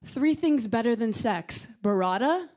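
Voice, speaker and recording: A woman in her thirties doing a stand-up comedy set on a television studio stage, with a punchy deadpan delivery. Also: fairly high pitch, unhurried. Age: 30s. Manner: punchy deadpan delivery, acting out quoted voices.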